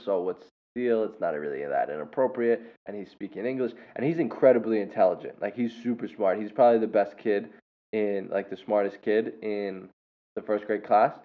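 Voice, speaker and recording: A man hosting a show and telling a story in a casual, rambling way, with many fillers and self-corrections. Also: on the low side. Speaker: podcast host and English teacher. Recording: tinny phone-like sound.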